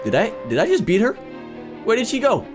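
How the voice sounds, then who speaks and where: A man hosting a let's-play gaming video, narrating with excitable, panicky yelps and jokes. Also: high-pitched, brisk, music in the background. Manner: excitable, panicky yelping and joking.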